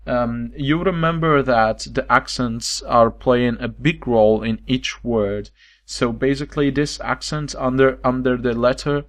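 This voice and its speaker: A man teaches a recorded online lesson at a middle pitch. He talks haltingly, with plenty of fillers, and slows down to repeat words for his learners. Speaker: language teacher.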